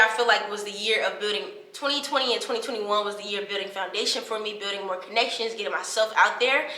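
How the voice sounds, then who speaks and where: A college-age woman talking casually to camera in a vlog, chatty and animated, calling her viewers y'all. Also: medium pitch, reverberant. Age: 20s. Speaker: college student vlogger and podcaster.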